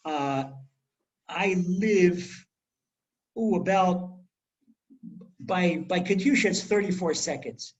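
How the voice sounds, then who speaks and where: A middle-aged man giving a Torah class, telling stories in a lively way and acting out the quoted speech. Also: high voice, slow pace, pauses often, dull audio. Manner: animated storyteller, acts out quoted speech. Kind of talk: storytelling Torah lecture. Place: home in Israel.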